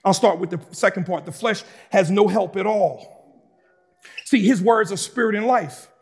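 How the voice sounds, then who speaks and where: A man preaching a sermon, moving between calm explanation and fervent shouting with casual asides to the congregation. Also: high voice, moderate pace, husky. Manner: shouts and preaches with rising intensity, conversational asides. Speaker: pastor.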